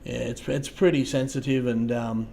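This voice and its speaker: Halting Australian man on a livestream. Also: medium pitch, fairly even intonation, gravelly. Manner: halting, repeats words, trails off softly. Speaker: livestream host. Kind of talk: casual livestream chat, answering viewers.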